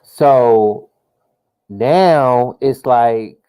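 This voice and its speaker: A man's voice: mid-range voice, drawn-out words, dark tone, smooth, rough recording. A man giving casual live commentary while playing a political simulation game, thinking aloud with lots of fillers and restarts, and dropping slang like "yo". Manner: slang-heavy, exclaims "yo" often. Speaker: gamer playing a political sim.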